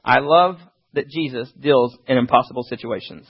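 A man preaching a sermon, reading scripture and talking fast with animated asides. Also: mid-range voice, slightly rough, highs cut off.

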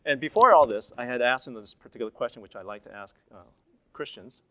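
A man's voice: mid-range voice, expressive, fast talker, sharp tone. A man presenting at a seminar, telling stories from his slides in a chatty, conversational way with frequent restarts. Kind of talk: casual slide presentation storytelling.

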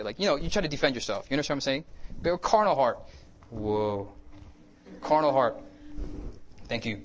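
A man preaching a sermon in a loose, conversational way. He slips into short acted-out exchanges and sometimes drops to a near-whisper. His pitch sits in the middle of the male range. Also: lively intonation, fairly quick, pauses often, slight background noise. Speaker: pastor.

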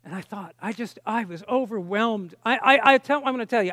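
Man, preacher, heartfelt storytelling sermon, lots of restarts, very high voice. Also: quick pace, hardly any pauses, sharp tone, no room sound, studio quality. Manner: emotional storytelling, frequent restarts. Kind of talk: personal testimony sermon.

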